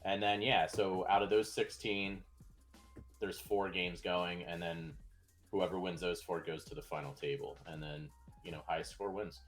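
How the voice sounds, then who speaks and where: A man's voice: deep voice, fairly even intonation, moderate pace, soft background music. A man who develops games, chatting casually in a laid-back, rambling, joking way. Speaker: game developer guest. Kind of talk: casual chat.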